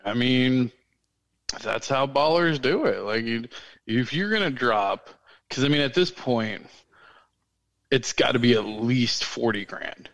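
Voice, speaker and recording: A man's voice: medium pitch, lively intonation, measured pace, long pauses, a bit bright, dry recording. A man co-hosting a podcast in casual chat, rambling loosely with lots of fillers and restarts. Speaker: podcast co-host.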